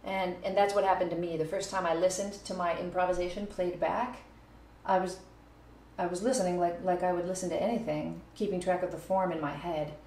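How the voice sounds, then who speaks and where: A woman with a slightly low voice explains her own playing in a relaxed video lesson. She breaks into counting and scatting to show rhythms. The room around her is echoey, with a faint hiss of noise. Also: fairly quick. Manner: counts beats and scats phrases aloud. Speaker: music teacher.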